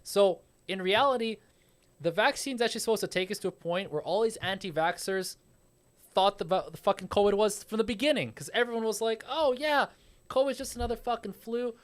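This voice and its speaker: A man's voice: high voice, fairly quick. Emphatic, profane man explaining on a podcast. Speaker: podcast co-host. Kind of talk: casual chat.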